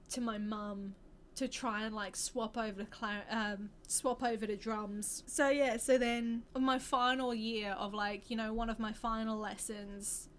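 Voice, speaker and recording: A woman's voice: a little high, a little hiss or hum. An Australian woman in her twenties telling a personal story to camera, candid and rambling, often restarting her sentences. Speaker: vlogger.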